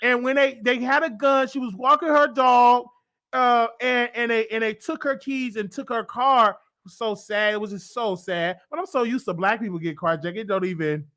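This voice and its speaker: A man's voice: very high-pitched, normal speed, sharp tone. A man hosting a casual comedy talk show, talking in a boastful, over-the-top way. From Chicago. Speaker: show host.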